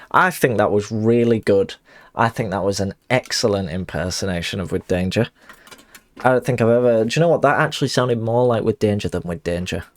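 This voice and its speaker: A man streaming a game, chatting playfully with his audience and mocking himself, his pitch leaping up when he gets excited. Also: dry recording. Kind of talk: casual live-stream commentary.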